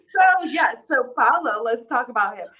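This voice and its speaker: A woman's voice: fairly high pitch, expressive, moderate pace, bright, forceful tone, poor audio. A woman co-hosting a podcast in a casual chat, laughing often and trailing off mid-sentence. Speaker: podcast co-host.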